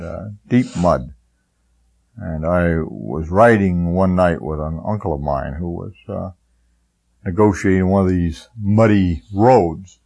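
A gravelly, husky older man preaching in a folksy, rambling way. His voice sits a little low. He wanders into homespun stories and chuckles along the way. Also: a little mellow, rough recording. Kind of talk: sermon.

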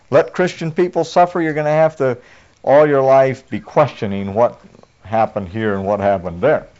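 A man preaches in a homespun, folksy sermon, chuckling often between points. His pitch swings up and down with lively emphasis. The recording sounds dull and lo-fi. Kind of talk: conversational sermon.

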